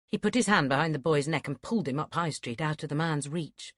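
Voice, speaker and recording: A woman narrating an audiobook in a steady, measured reading. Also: deep voice, no room sound, clean studio sound. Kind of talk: scripted narration.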